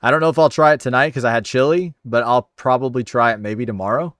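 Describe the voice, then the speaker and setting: A man's voice: medium pitch, fairly even intonation, quick pace, a bit bright, no room sound, clean studio sound. A man hosting a casual livestream, chatting upbeat and friendly as he thanks viewers by name. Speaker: livestream host. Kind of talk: casual chat reading viewer comments.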